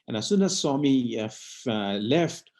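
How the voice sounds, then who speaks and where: A middle-aged man from India telling a personal devotional story at a satsang in an earnest, halting way with many fillers. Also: mid-range voice, lively intonation, a little mellow. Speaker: satsang speaker.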